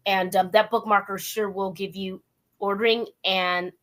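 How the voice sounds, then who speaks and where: A talk show host, a woman, runs a radio interview over video call from her home work den, sounding gushing and upbeat and chatting with lots of fillers. Her mid-range voice is a bit bright, with fairly even intonation at a moderate pace.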